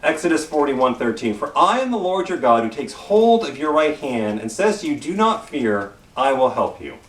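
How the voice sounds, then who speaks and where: Speaking at a normal speed with big pitch swings, this middle-aged pastor with a Canadian accent has a medium-pitched voice recorded from a distance in a roomy church. His casual sermon leans on self-deprecating stories and repeated phrases.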